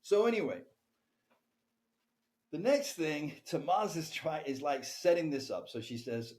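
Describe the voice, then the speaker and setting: A man recounts a candid personal story on a podcast. His pitch moves a lot and he talks with animation. He keeps tagging his sentences with "right?". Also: lively intonation, measured pace, pauses often, darkish tone. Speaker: podcast guest.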